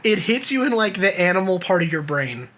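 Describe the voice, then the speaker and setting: This young podcast co-host has a high-pitched, slightly bright voice with big swings in pitch, and he talks briskly. His casual chat rambles along, full of swearing and frequent laughter.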